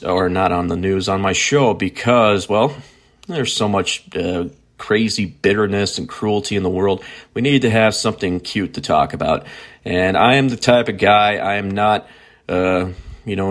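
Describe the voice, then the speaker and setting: A man hosts his own podcast in a loose, conversational way. He rambles, restarts and corrects himself mid-sentence. His voice sits on the low side. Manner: rambling, self-correcting, chatty. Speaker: podcast host. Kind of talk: casual chat.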